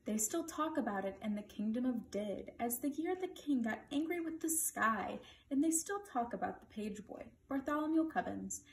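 A woman greeting schoolchildren and reading a picture book aloud in a friendly, expressive way. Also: fairly high pitch, normal speed, hardly any pauses, recorded from a distance, slight background noise. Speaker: storybook reader for schoolchildren. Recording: echoey room.

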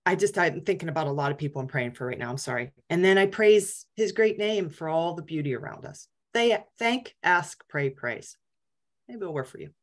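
A woman's voice: low-pitched, lively intonation, moderate pace. A middle-aged woman giving a candid, casual talk to a support group, self-deprecating and full of ums. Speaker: guest speaker.

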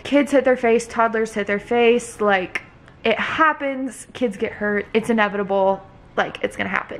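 A woman's voice: fairly high pitch, a bit bright. A young woman vlogging at home, casually telling a family story with lots of "like" and acted-out quotes. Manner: chatty, lots of "like", acts out quotes. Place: home, indoors with toddler.

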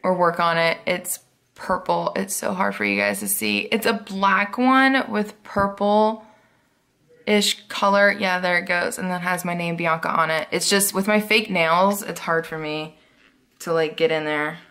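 A woman chatting through an unboxing haul, gushing and excitable, sometimes dropping to a whisper. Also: fairly low pitch, unhurried. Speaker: planner vlogger. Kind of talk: casual unboxing chat.

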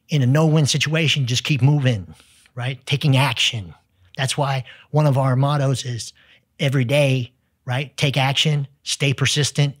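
A Texan man, a sales executive, telling lively business stories as a podcast guest, acting out the people in them. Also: mid-range voice, husky, dry recording, studio quality. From United States. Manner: energetic, tells stories with quoted dialogue. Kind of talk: storytelling in conversation.

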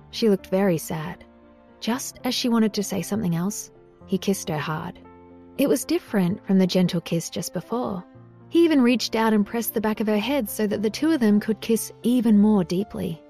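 A woman narrating an audiobook in an even, measured reading. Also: mid-range voice, creaky.

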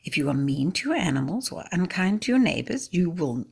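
A woman's voice: on the low side, sing-song, brisk, gravelly, slightly rough, full character voice. A woman reading the lines of a stern, fault-finding man who guards a village well, in a harsh, demanding way.

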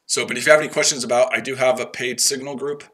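A man's voice: medium pitch, steady tone, fast talker, fairly bright tone. A man hosting a trading livestream, brash and profane, chatting to viewers by name and trash-talking rivals. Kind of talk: casual livestream chat.

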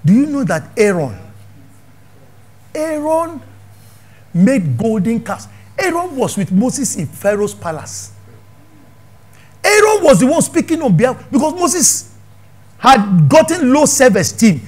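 A Nigerian man preaching a sermon as pastor, swinging from hushed asides to shouted questions and laughing often. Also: extremely high pitch.

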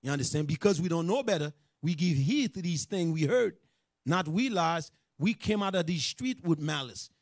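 A man preaching to a class in loose street talk, animated and joking, then scolding the listeners directly. His voice sits fairly high for a man, and the recording is close and dry. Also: normal speed, no room sound. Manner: animated, joking, scolding, with many asides to the audience. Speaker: teacher of a religious class.

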